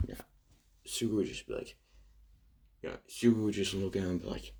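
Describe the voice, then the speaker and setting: A man narrating an improvised fan story, halting and full of fillers, with a husky voice. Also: low-pitched, mellow. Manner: halting, filler-heavy, many restarts.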